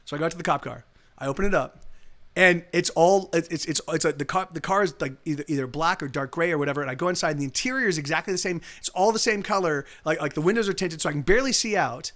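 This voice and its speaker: A man's voice: fairly high pitch, fast, fairly bright tone. A man telling a story in casual chat on a live stream, rambling and swearing as he corrects himself. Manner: rambling, profane, full of self-corrections.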